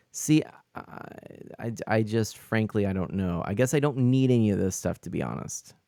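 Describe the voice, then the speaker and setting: A man's voice: fairly low pitch, animated, a little slow, creaky, pauses often, dark tone, no echo, studio quality. A man chatting casually on a live stream while he plays, answering his chat as he rambles with lots of fillers and restarts.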